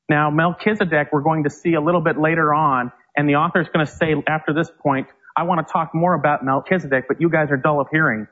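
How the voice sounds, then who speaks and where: A male preacher giving a Bible teaching sermon, reading scripture slowly and with emphasis. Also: on the high side, fairly bright tone, highs cut off. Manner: slow, emphatic verse reading.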